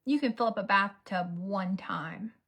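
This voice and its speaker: A woman, telling a story as a casual get-ready-with-me vlog, dramatic and animated, sometimes dropping to a whisper. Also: medium pitch, a little slow, slightly rough. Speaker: beauty vlogger.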